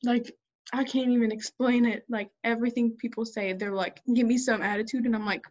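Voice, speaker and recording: A teenage girl from the Midwest talks in a blunt, sassy way. Her voice sits fairly high, with quick laughs throughout, and the recording sounds a little dull and lo-fi. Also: a little mellow. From Midwestern United States. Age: teens. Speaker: co-host. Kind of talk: casual chat.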